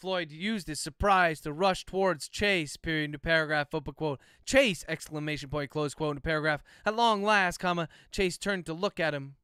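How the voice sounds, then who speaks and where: Bright, crisp-voiced man dictating a novel. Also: fairly high pitch, fairly even intonation, fairly quick, hardly any pauses, no echo, clean studio sound. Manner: speaks punctuation marks aloud while dictating; loose, chatty asides to viewers between passages. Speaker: author.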